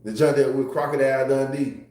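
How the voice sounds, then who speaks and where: In a very echoey room, a man chats loosely with his livestream audience, cursing freely and laughing often. His pitch is ordinary for a man, his tone steady and a little mellow, and he talks a little fast as he drifts between stories and reading chat.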